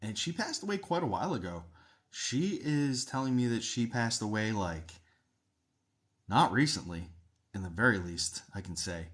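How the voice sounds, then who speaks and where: A man hosting a live stream as a psychic medium, chatting with viewers, thanking them and describing what he senses in a steady, explanatory way. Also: fairly low pitch, normal speed. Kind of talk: casual live-stream chat with readings.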